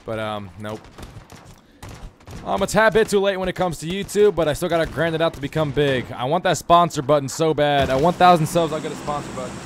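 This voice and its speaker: A man's voice: fairly high pitch, a little fast, a little hiss or hum. A young man doing casual gameplay commentary, joking around and laughing. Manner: joking, laughing, trying silly accents. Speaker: gaming YouTuber.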